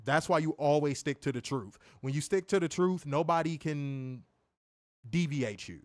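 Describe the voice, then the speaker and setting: A man co-hosting a wrestling review stream, answering viewer comments in casual, animated chat. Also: fairly high pitch, normal speed, no echo. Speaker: wrestling show co-host.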